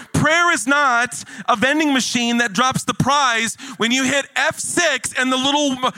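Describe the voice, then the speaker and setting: A man preaching a sermon in a church, animated and jokey, building emphasis as he goes. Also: extremely high pitch, no echo. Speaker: pastor.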